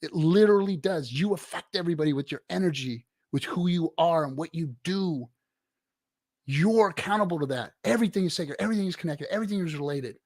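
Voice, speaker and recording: A middle-aged man hosting a livestream, giving profane, preachy motivational rants to his chat with sudden loud swings. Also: a little high, animated, fast talker, dry recording, clean studio sound. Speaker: livestream host. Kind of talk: casual livestream chat reading viewer comments.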